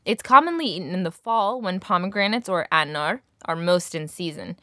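A young woman teaching a language lesson, clearly modelling words slowly for her student to repeat. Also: lowish voice, animated, pushed and bright, dry recording, clean studio sound.

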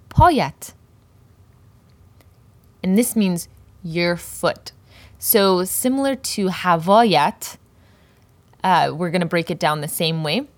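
A woman with a fairly low voice leads a poetry lesson, taking her time and sounding out each example word with care. The sound is dry and close, with no room echo. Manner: slow, careful pronunciation of example words. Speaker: Persian language teacher.

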